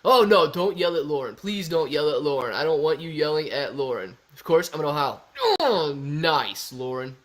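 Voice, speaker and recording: A man's voice: a little high, animated, normal speed, fairly bright tone. A young man hosting a casual livestream, joking around and reading viewer comments aloud. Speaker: livestream host.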